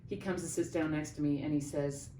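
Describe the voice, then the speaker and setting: A middle-aged woman, an opera singer, telling an animated backstage story in a casual interview and acting out the voices of the people in it. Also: deep voice, a little fast. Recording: roomy, distant mic, faint background noise.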